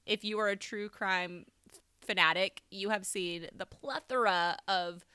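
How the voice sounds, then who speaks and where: A woman's voice: mid-range voice, steady tone, measured pace, pushed and bright, clean tone, dry recording, clean studio sound. A woman co-hosting a podcast, chatting casually and bluntly, with a bit of swearing. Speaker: podcast co-host. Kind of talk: casual chat.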